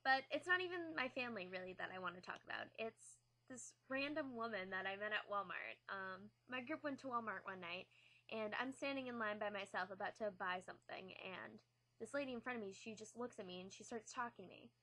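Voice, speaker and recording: A woman's voice: medium pitch, fairly quick, bright, forceful tone. A young adult woman telling a story in a casual, earnest, reflective vlog. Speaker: vlogger. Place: New England.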